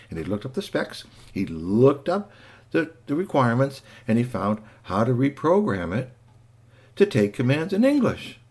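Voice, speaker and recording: A man narrating a children's story in an animated way, adding sound effects and asides. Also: lowish voice, vocal fry, husky.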